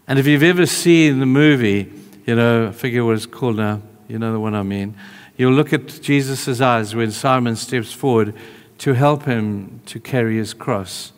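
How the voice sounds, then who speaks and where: Man preaching, mid-pitched voice, long reverb, chatty, emphatic then hushed. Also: normal speed. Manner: conversational, swings between emphatic calls and hushed tenderness. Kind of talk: sermon.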